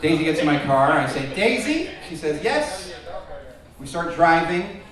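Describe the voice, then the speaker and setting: A young man doing a stand-up comedy set, telling self-deprecating stories and bursting into loud acted voices. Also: a little high, normal speed, a crowd in the background. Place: comedy club with live audience. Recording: echoey club from far off, audience audible.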